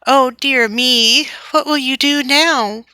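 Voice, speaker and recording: A distressed little girl exclaims in a high, wailing voice from a storybook, played by a woman reader. The tone is bright and sharp and sits well above the reader's own low voice. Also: slow, smooth, no echo, heavily acted. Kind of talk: storybook read-aloud.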